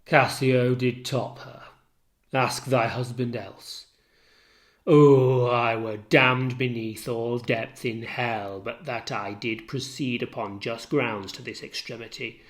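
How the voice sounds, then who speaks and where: A man reading the part of a tormented, jealous general, declaiming verse and swinging between hushed and loud lines. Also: medium pitch, steady tone, takes it slowly, lightly acted. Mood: accusing. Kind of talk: dramatic reading of a play.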